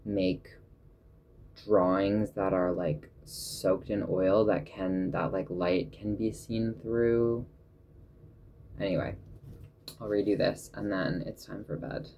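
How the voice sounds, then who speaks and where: A man's voice: fairly low pitch, creaky, a little mellow. A sleepy man rambling hesitantly, with many fillers, as he flips through his sketchbook late at night. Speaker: artist showing a sketchbook.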